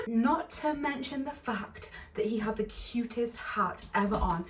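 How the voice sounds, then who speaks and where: A woman speaking at normal speed with a slightly high voice and hardly any pauses shares a casual storytime vlog. She's bubbly and giggly, rambling through side notes. The mic is distant in an echoey room, so she's a bit off-mic, with a faint hiss or hum.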